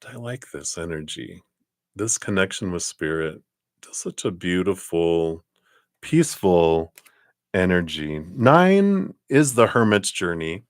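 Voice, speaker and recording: A man's voice: low voice, sing-song, slow, dry recording, clean studio sound. A man giving live-stream tarot readings, chatty and upbeat, rambling from card to card. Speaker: tarot reader.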